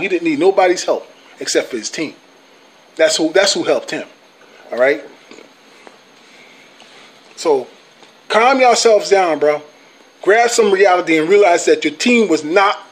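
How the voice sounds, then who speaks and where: A man with a high-pitched voice rants at rival fans in a vlog. He is profane and taunting, loops back over the same points, and keeps tagging his lines with "bro" and "okay". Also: a bit bright. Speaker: sports vlogger, Cowboys fan. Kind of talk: heated fan rant to camera.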